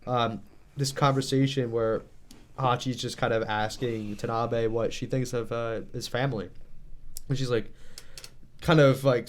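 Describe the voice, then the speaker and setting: A man in casual chat as a manga discussion co-host, enthusiastic and quick to laugh. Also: medium pitch. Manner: enthusiastic, laughing, acts out quotes.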